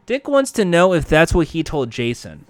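A man's voice: a little high, big pitch swings, normal speed, dry recording. A man casually recapping a show with jokey, profane, self-mocking asides.

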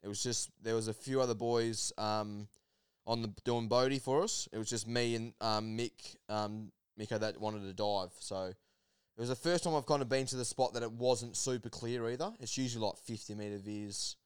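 A man telling a long story in casual chat, animated, laughing often and full of fillers. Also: fairly low pitch, moderate pace, clean tone. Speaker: podcast guest.

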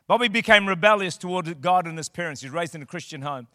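Pastor guy preaching, high bright voice, dry close sound, gets loud and fired up. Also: expressive, fast talker, no echo. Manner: impassioned preaching, rising to shouted declarations. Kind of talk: sermon.

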